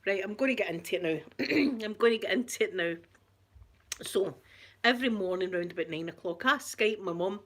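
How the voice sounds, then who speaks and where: A woman's voice: medium pitch, expressive, moderate pace. A Scottish woman chatting casually on a live stream, greeting viewers by name and telling a story with giggles. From Scotland. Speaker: vlogger.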